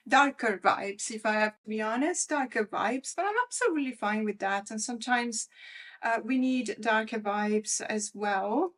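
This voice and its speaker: A woman hosting a casual vlog, chatting in a rambling way with lots of fillers and restarts. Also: on the high side. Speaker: tarot channel host. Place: lives in Australia.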